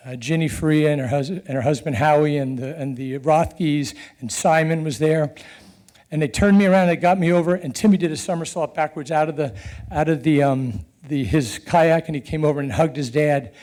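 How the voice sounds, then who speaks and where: Middle-aged man, earnest storyteller; high pitch, warm mellow tone, animated. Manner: earnest and animated, with chuckles and halting restarts. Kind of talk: personal storytelling.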